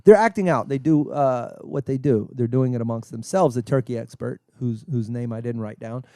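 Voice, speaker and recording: A man's voice: medium pitch, moderate pace, mellow, no room sound, clean studio sound. A man from Texas hosting a comedy podcast, reading odd news stories aloud with joking asides and frequent laughs. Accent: Texan. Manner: reads stories aloud with jokes, laughs often. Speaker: podcast host running a game.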